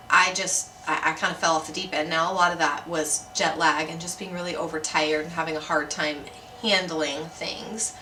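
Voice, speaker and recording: A woman speaks earnestly and candidly in a casual home vlog, her tone bright and forward. The mic sits at some distance, so her voice carries a roomy echo with a faint hiss of noise underneath. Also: lowish voice, steady tone, moderate pace, hardly any pauses. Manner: candid and earnest, with soft fillers. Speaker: adoptive mother and vlogger. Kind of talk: casual vlog talk to camera.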